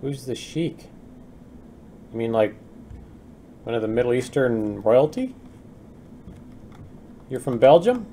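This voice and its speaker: While working on game development live, a young adult man chats with his viewers, reads their messages out and mutters to himself over faint typing. His medium-pitched voice is mellow and expressive but slow, with long pauses and slight background noise.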